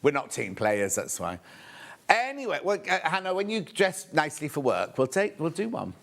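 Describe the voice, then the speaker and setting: A man from the West Midlands of England hosts a live shopping show from a TV studio. His talk is chatty and rambling, full of quick asides. His pitch sits a little high and swoops widely as he goes. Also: huge pitch swings, creaky, fairly bright tone. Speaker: shopping channel host.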